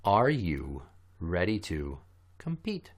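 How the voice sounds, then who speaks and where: A man hosting a comedy podcast, joking loudly and crudely, one moment booming like an announcer and the next mumbling. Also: very animated, slow. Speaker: podcast host.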